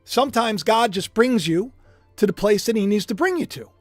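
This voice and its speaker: Male livestream preacher, animated and emphatic, dry voice over faint music. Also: high-pitched, normal speed, dry recording. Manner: emphatic, swings from hushed to shouting. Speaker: preacher streaming live.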